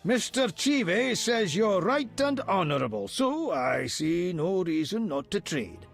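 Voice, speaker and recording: A tidy, fussy dwarf apprentice who runs a shop in a video game. His voice is high and lilting, unhurried and a little gravelly. He sounds slightly distant, with faint music behind. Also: very animated, exaggerated voice. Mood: polite. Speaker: game character.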